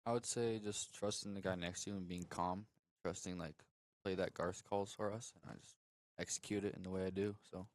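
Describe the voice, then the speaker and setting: A teenage football player, a quarterback, casually telling about a game injury in an interview. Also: male voice, low voice, a little fast. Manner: relaxed storytelling with "like" and "I was like". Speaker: high school quarterback guest.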